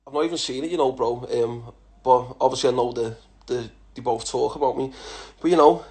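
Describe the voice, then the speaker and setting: A man's voice: mid-range voice, a little fast, a little mellow. A man from England in his thirties, answering follower questions in a casual chat, blunt and swearing, often calling people lad. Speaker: social media personality answering follower questions.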